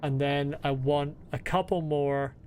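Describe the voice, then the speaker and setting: A woman's voice: deep voice, steady tone, a little slow, mellow, slight background noise. A woman streaming a video game, chatting casually with giggly, rambling jokes to her chat. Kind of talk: casual gaming commentary.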